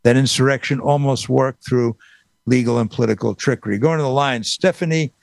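A man's voice: medium pitch, brisk, creaky, no echo. A man hosting a political talk radio show, emphatic and repeating his points for stress.

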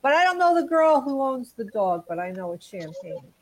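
A woman's voice: a little high, big pitch swings, moderate pace, over a noisy crowd, rough recording. A woman co-hosting a casual chat show, telling light stories in a chatty, giggly way. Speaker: podcast co-host.

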